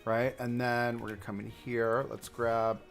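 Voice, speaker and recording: Man, gravelly voice, mid pitch, rambling livestream game commentary, faint music underneath. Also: little pitch movement, unhurried. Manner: rambling, talks to himself and objects in the game. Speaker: livestream host building a theme park. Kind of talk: casual gameplay commentary.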